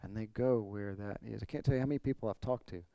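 A man's voice: lowish voice, fast, dark tone, dry recording, lo-fi sound. A man pastor preaching an expository sermon, earnest, building to emphatic points. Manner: earnest preaching, rising emphasis, occasional throat clearing.

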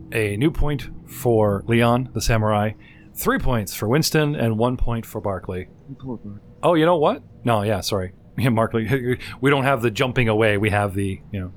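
A man's voice: medium pitch, a little hiss or hum. Laughing, chatty game master man. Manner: chatty, laughs often, lively narration with sound effects. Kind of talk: running a tabletop game session over video call. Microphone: video call mic.

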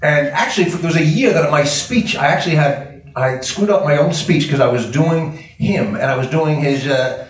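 Man, 60s, rambling storyteller, halting restarts, echoey room, distant mic. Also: on the high side. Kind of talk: casual anecdote.

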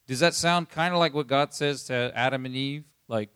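A man's voice: medium pitch, normal speed, hardly any pauses, a bit bright, clean tone, no echo, clean studio sound. A man preaching a sermon in a loose, conversational way, often checking in with the listeners. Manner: conversational, keeps asking "you see what I'm saying?". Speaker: pastor.

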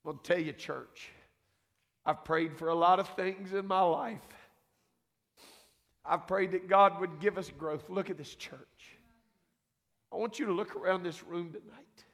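A man preaching a fervent sermon as senior pastor, building up to shouts. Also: high-pitched, unhurried, vocal fry, pauses often. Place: church sanctuary. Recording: long church reverb.

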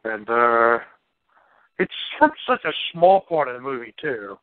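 A man's voice: mid-range voice, animated, a little slow, dry recording. A man co-hosting a podcast, chatting casually about movies in a laid-back, rambling way and swearing freely. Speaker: podcast co-host. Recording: tinny phone-like band-limited sound.

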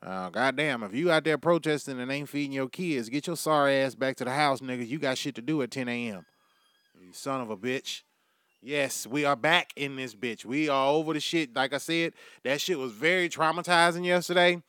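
Animated, profane podcast host man. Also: mid-range voice, moderate pace, clean tone, no room sound. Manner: profane, animated, swings loud and quiet. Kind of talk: casual comedic monologue.

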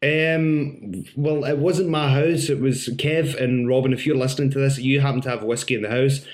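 A man's voice: medium pitch, steady tone, moderate pace. A man hosting a podcast, teasing his guest with dry humour. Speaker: podcast host. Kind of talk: casual podcast interview. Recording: echoey room.

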